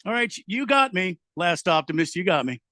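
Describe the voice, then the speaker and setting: A man's voice: high voice, sing-song, normal speed, pushed and bright, dry recording, studio quality. A man hosting a casual radio show, reading out listener messages in a loose, easygoing way with lots of fillers. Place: home studio in Arizona.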